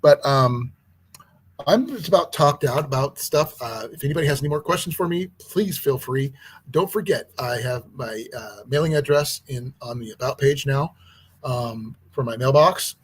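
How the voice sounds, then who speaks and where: Hoarse, husky-voiced outdoors host man. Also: mid-range voice, moderate pace. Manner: rambling, chatty, with many restarts. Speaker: outdoors channel host and archery instructor. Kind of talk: casual livestream chat.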